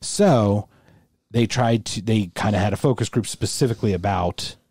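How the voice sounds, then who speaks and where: A man's voice: fairly low pitch, normal speed, a little mellow, husky, dry recording, clean studio sound. A man co-hosting a podcast in casual chat, rambling with lots of restarts. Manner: rambling, restarts a lot, mimics the people he talks about. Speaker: podcast co-host.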